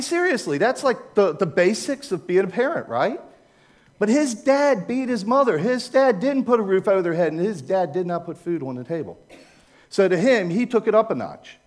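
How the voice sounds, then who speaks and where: A high-pitched, very animated man speaks at normal speed. He's an older American with a Maryland accent, chatting his way through a slide talk for a church group, going off on tangents and asking listeners to back him up.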